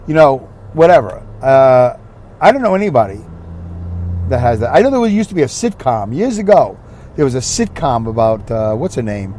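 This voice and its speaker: A man's voice: mid-range voice, sing-song, normal speed, darkish tone, a little hiss or hum. A middle-aged man hosting a solo podcast, rambling through a monologue with wry, sarcastic asides. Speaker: podcast host.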